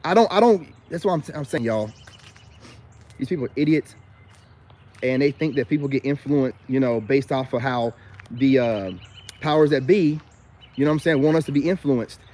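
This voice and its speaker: A man's voice: medium pitch, moderate pace, pauses often, dark tone. A man ranting to camera outdoors, boastful and defiant, rambling with frequent filler asides. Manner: repeats filler asides often. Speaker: self-styled life coach vlogger. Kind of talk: unscripted rant to camera.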